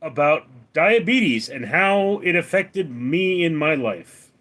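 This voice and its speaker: An older folksy pitchman, as a man puts him on, talking in an earnest, homespun way. He speaks slowly, and his pitch rises and falls widely. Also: expressive, a bit bright.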